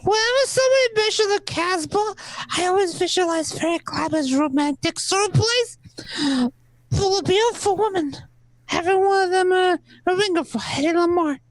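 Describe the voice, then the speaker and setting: A woman playing a chatty, playful male radio announcer who pitches wine in an amateur radio play. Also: normal speed, no echo, rough recording. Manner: playful, rambling, hammy sales pitch.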